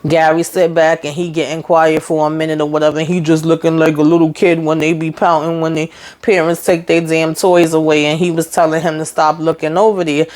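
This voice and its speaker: A woman's voice: sits low, flat delivery, a little fast, darkish tone. A woman hosting a casual TV episode recap, chatty and slangy, with opinionated asides. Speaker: TV recap host.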